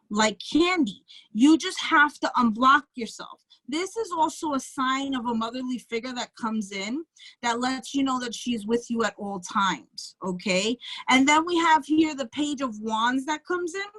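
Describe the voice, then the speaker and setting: Through a rough, dry recording comes a high-pitched, slightly bright woman's voice with a Bronx accent. She's a psychic tarot reader on a live stream, reading bluntly and casually, cursing openly and often asking "okay?"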